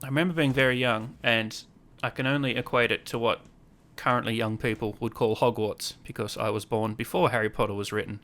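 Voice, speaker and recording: A man's voice: mid-range voice, steady tone, brisk, hardly any pauses, a bit bright. A man in his thirties hosting a casual podcast chat, telling stories animatedly and acting out quotes in raised voices. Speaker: podcast host.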